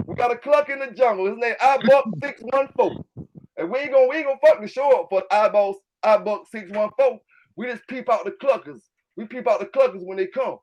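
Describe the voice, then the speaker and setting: A man with a Southern US accent who hosts his own channel about his dog kennel, ranting loudly and with plenty of swearing to his livestream chat. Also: sits high. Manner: loud, fired-up, profane, keeps repeating filler tags. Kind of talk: livestream rant answering chat.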